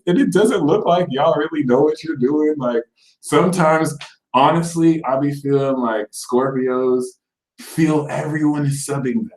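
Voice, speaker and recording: A man giving a casual live horoscope reading, slangy and animated, acting out the people he quotes. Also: mid-range voice, a little slow. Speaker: astrologer. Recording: roomy echo.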